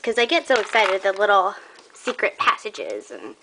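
A woman's voice: mid-range voice, big pitch swings, moderate pace, a bit bright, a little hiss or hum. A young woman showing off a craft trade in a casual vlog, gushing and admiring, a bit out of breath.

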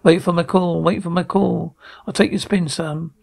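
A brash Australian ring-keeper runs a two-up game in a TV drama. His voice sits a touch high with a gravelly, crackling fry. He barks out calls at the crowd. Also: little pitch movement, normal speed. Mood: barking. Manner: loud barking calls to a crowd. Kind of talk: TV drama acting.

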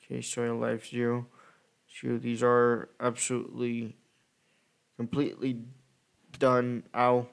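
A man's voice: mid-range voice, completely flat delivery, slow pace, vocal fry, long pauses, clean tone. A man giving casual gameplay commentary, rambling and correcting himself as he thinks aloud. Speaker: gaming video creator.

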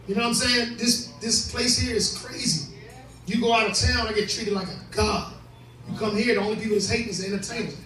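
A man hosting a comedy show has a high-pitched voice with a fairly bright tone. Laughing often and slightly drunk, he does brash, profane crowd work at a live club, heard through a distant mic in an echoey space with the crowd audible.

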